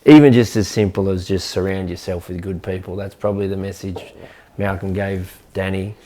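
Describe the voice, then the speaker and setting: A man's voice: low-pitched, fairly even intonation, moderate pace, dark tone. A man hosting a podcast, who gives short, encouraging prompts and sets up the guest's stories. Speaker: podcast host. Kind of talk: casual interview.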